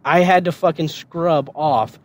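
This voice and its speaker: In a steady, slightly slow voice, a man tells a podcast story from his past. He swears freely, laughs a lot, and acts out other people's quotes in a higher voice, keeping the storytelling casual.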